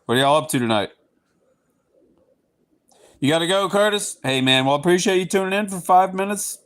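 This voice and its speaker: A man's voice: sits high, expressive, normal speed, fairly bright tone. A man from Southeast Texas with a Texan accent, chatting casually with viewers on his livestream, playful and slipping into goofy voices. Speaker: livestream host. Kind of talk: casual live chat with viewers.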